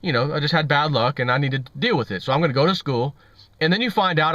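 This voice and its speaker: A man's voice: fairly high pitch, quick pace, fairly bright tone, no echo. A man hosting an opinionated financial commentary vlog, ranting and repeating himself with scorn. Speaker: vlog host. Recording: dull lo-fi audio.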